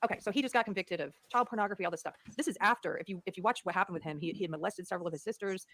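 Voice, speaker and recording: A woman's voice: medium pitch, fairly bright tone. A woman speaking earnestly in conversational podcast talk, restarting her phrases often, on a close mic. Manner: fast, earnest, many restarts.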